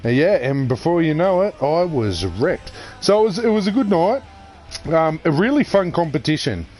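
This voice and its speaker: Laid-back Australian bloke, swears freely. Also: male voice, a little high, big pitch swings, moderate pace, darkish tone, soft background music. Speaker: podcast co-host. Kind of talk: casual chat.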